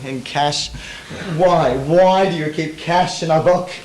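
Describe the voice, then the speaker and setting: An actor playing an incredulous, blustering husband who swears about a burglary, on a live stage. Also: male voice, a little high, slow pace, background noise. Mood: outraged. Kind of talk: live amateur stage comedy. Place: theatre stage. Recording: distant echoey stage, audience laughter.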